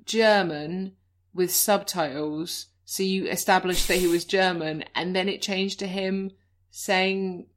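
A woman's voice: on the low side, fairly even intonation, slow. A woman co-hosting a comedy chat podcast, chatty and self-mocking, slipping into silly voices for her stories. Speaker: podcast co-host.

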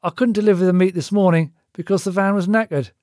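A man's voice: high-pitched, steady tone, fast, darkish tone, no room sound, voice pushed up, close to an everyday voice. Man as nervous van driver, apologetic, dry close audio. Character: apologetic male slaughterhouse delivery driver.

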